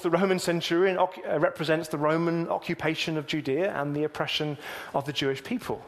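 A man preaching a sermon, reading scripture aloud and then explaining it in a measured way. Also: on the high side.

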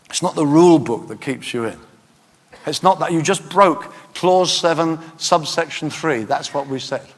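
A man preaching a sermon with passion, swinging from soft, intimate lines up to loud, emphatic peaks. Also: medium pitch, normal speed. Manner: impassioned, rising to loud emphatic peaks then dropping soft. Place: church hall. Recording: preached in a reverberant hall.

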